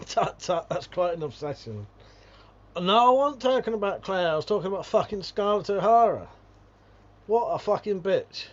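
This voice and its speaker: A man's voice: on the high side, sing-song, normal speed, highs cut off. Sweary British man ranting on a stream. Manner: profane, ranting, laughs often. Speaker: livestreamer. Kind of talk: casual livestream chat, reading viewer comments.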